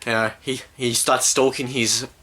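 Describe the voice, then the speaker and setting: A man's voice: mid-range voice, flat delivery, normal speed, pushed and bright, breathy edge. A man ranting through a movie review in an exasperated, rambling way full of fillers. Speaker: film reviewer.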